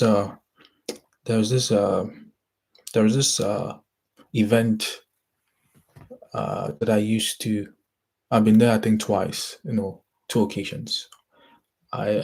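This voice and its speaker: A young man with a Ghanaian accent hosting a casual motivational talk, halting and rambling, often restarting his sentences. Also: on the low side, darkish tone. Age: young adult.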